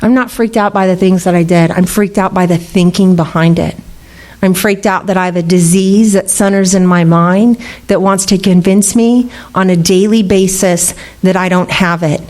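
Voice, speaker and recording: A woman's voice: on the low side, steady tone, moderate pace, darkish tone. Woman, middle-aged, candid recovery talk, laughs often, swears freely. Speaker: recovery meeting speaker. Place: meeting room.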